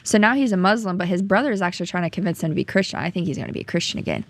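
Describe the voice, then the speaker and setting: A woman's voice: fairly low pitch, lively intonation, racing. A young woman with a slight Southern accent, telling her story as a podcast guest in an earnest, chatty way with frequent ums. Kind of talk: casual storytelling chat.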